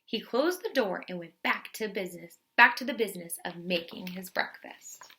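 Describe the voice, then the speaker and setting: A young woman teacher reading a picture book aloud to children, expressive and pausing to ask questions. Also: medium pitch, a little hiss or hum. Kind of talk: children's story read-aloud.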